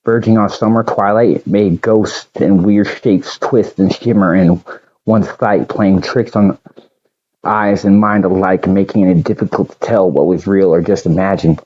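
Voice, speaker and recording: A man reads a story aloud at an unhurried pace, now and then catching a slip and restarting. His voice sits low with a mellow, dark tone. The recording sounds dull and lo-fi. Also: steady tone, breathy edge. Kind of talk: reading an original story aloud.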